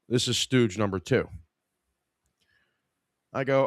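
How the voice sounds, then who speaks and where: A man's voice: medium pitch, unhurried, pauses often, no room sound, clean studio sound. A man hosting a podcast, telling a story in a casual, profane, exasperated way. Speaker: podcast host.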